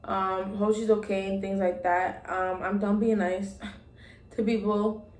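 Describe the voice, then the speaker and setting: A woman's voice: medium pitch, flat delivery, unhurried, darkish tone. A young woman vlogger telling a personal story in a casual, rambling way, full of ums and likes as she retells old conversations. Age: young adult. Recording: roomy echo.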